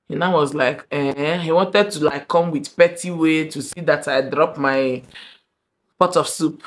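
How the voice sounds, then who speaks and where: Animated young Nigerian woman telling a story. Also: low voice. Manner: animated, dramatic storyteller, shifting between loud and hushed. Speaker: vlogger. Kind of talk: storytime monologue.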